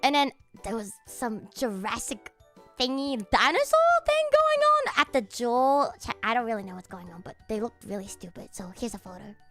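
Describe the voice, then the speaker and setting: A woman streamer chats casually on a livestream, excitable and swearing freely, often bursting into laughter. Her voice is a little high.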